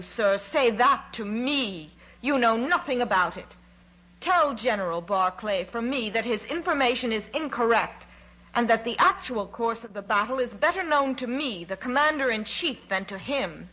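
A woman's voice: medium pitch, normal speed, fairly bright tone, lo-fi sound, natural voice. A woman reading aloud, voicing an emotional, stubborn old male commander who bursts out in choked indignation. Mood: furious. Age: over 60.

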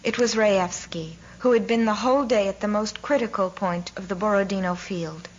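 A woman narrating a classic novel in a measured, expressive reading. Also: medium pitch, highs cut off. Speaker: audiobook narrator.

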